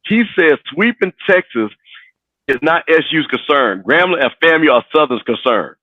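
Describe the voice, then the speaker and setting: A man's voice: fairly high pitch, normal speed, dry recording. A man in casual sports talk who teases and laughs while he talks. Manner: lively, teasing, laughs while talking. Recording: phone-like call-in audio.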